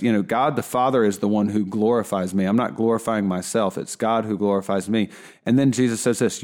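A man teaching a Bible lesson in a conversational way, with frequent restarts and asides, slowing down to stress key points. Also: on the low side, darkish tone. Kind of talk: casual teaching talk.

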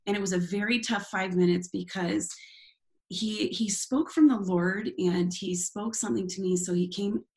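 Woman, worship leader, personal testimony, candid, self-deprecating, laughs a lot, middle pitch. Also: steady tone, moderate pace, vocal fry, a little mellow. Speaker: worship leader and former youth pastor. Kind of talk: telling a personal testimony in an interview.

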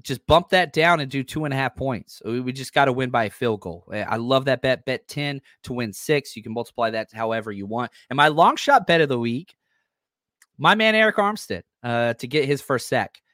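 A man hosting a sports podcast, talking casually and excitedly about football matchups, with a dry, close sound. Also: mid-range voice, moderate pace, dry recording. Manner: excitable, hype-driven. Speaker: podcast host.

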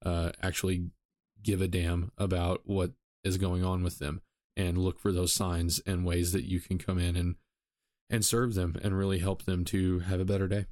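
A man's voice: sits low, little pitch movement, normal speed, darkish tone, no room sound. A man hosting a solo podcast, talking casually with frequent ums and self-corrections. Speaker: podcast host.

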